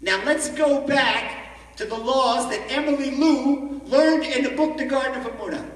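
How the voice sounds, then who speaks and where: A man giving an animated storytelling sermon as a rabbi at a conference, recorded from far off in a large echoey hall. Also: very high-pitched, normal speed. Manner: animated, acts out the story in voices.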